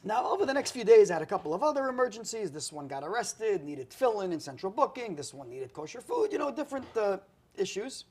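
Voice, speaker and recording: A man spins an anecdote in an easygoing chat. His voice is somewhat husky and sits a little high, and the pitch rises and falls a lot as he goes. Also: fast. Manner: animated anecdotal storytelling with acted quotes. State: reacting to spicy food. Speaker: guest storyteller. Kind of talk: casual storytelling chat.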